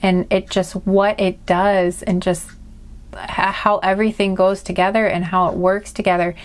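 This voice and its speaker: A woman talks straight to the camera in a casual spiritual card reading, with a voice of ordinary middle pitch. She is earnest and heartfelt. She rambles and restarts her sentences often, with plenty of fillers along the way. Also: level tone, normal speed. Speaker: tarot and oracle card reader.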